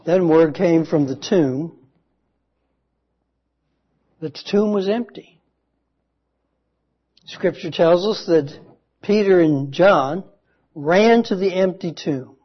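A man delivers a sermon in a slightly high voice, moving at an unhurried pace with long dramatic pauses. His storytelling is earnest and deliberate, and the recording sounds a bit dull and lo-fi. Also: breathy edge. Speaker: preacher.

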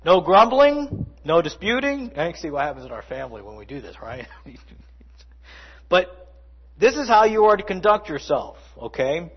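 A man's voice: on the high side, lively intonation, moderate pace, long pauses, breathy edge, highs cut off. A man preaching a sermon in a conversational way, with asides and playful mimicry. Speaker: pastor.

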